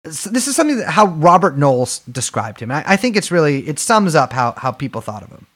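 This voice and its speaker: A man's voice: fairly high pitch, big pitch swings, fast, fairly bright tone. A man co-hosting a podcast in casual chat, rambling and joking with lots of fillers. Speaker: podcast co-host.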